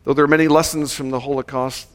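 Male pastor, mid-pitched voice, deliberate sermon delivery that leans on key words. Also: level tone. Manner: measured, slowing down to stress key words. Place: church service.

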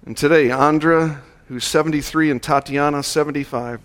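A male pastor delivering a sermon at a church service, measured and slowing down to stress key words. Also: a little high, fairly even intonation, a bit bright.

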